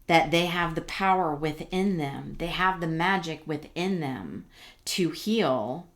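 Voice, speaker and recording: A woman's voice: sits low, lively intonation, takes it slowly. A middle-aged woman giving a casual tarot reading, rambling and reassuring with many fillers and restarts. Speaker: tarot reader.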